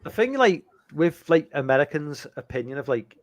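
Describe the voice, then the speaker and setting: An Englishman from the United Kingdom chats casually on a video call through a computer mic, rambling with lots of fillers and restarts. His voice is on the high side and sing-song at a normal speed, with no echo.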